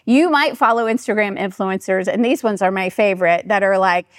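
A woman's voice: mid-range voice, a little fast, no room sound, studio quality. A middle-aged woman, a pastor's wife, giving a chatty storytelling talk to her church and acting out what people said. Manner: chatty and animated, acting out quoted voices.

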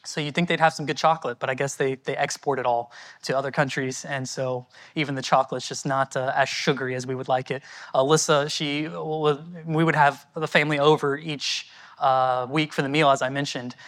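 A man's voice: medium pitch, steady tone, fairly quick, a bit bright. A man from the United States, a missionary answering audience questions at a church in an earnest, conversational and thankful way.

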